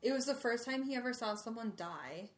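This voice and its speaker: A woman's voice: fairly high pitch, expressive, fairly quick, echoey room. A woman co-hosting a podcast, chatting casually and recapping a story, peppered with "like". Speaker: podcast co-host. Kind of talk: casual chat.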